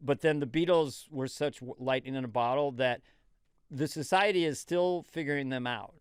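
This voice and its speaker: A man in his sixties, a comedian guest, musing and rambling in casual podcast chat with quick jokey asides. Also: medium pitch, smooth, dry recording, studio quality.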